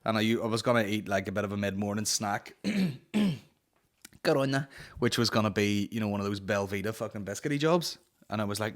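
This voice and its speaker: A man's voice: on the low side, lively intonation, a little fast. A man in his thirties hosting a solo comedy podcast, rambling, swearing and cutting himself off. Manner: swearing, rambling, self-interrupting. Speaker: podcast host.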